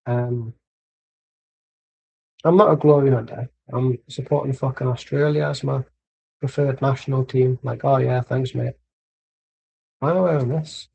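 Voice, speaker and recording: An English man with a gravelly, husky voice chats loosely while watching a match on stream. He drifts from one tangent to the next and drops the odd swear word without a second thought. His tone sits dark and mellow. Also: medium pitch, fairly even intonation, measured pace, long pauses, low-quality recording. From England. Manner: chatty, tangential, swears casually. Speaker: streamer hosting a football watchalong. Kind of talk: casual rambling chat.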